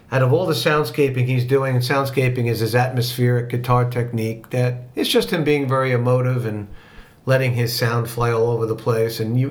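Animated man telling rock stories. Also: medium pitch. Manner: animated storyteller who acts out quotes. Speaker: podcast co-host. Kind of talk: casual chat about rock music.

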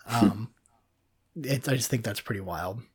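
A man hosting a casual podcast in a studio, rambling through halting restarts, swearing freely and laughing often. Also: lowish voice, a little mellow, breathy edge. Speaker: podcast co-host. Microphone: studio microphone.

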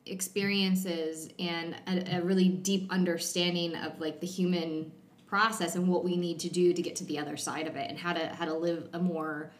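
Female host, lower voice, reflective and affirming; roomy echo. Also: flat delivery, normal speed. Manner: affirming, thoughtful, searching for words. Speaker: podcast host, interviewer. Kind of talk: reflective interview talk.

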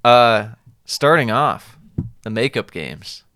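A man's voice: mid-range voice, big pitch swings, slow, bright, forceful tone, smooth, dry recording, clean studio sound. A man co-hosting a sports podcast, chatting casually and a bit rambly about matches, laughing often. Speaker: podcast co-host.

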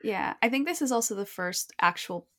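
A woman's voice: mid-range voice, lively intonation, moderate pace, sharp tone. Chatty woman podcasting w/ her friend, laughs a lot, normal mid voice. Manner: giggly, chatty, quoting characters. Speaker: podcast co-host. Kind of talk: casual chat recapping a TV show.

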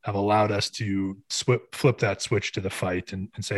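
A man's voice: on the low side, little pitch movement, moderate pace, dry recording. A man co-hosting a podcast, talking earnestly in a casual, rambling way. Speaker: podcast co-host.

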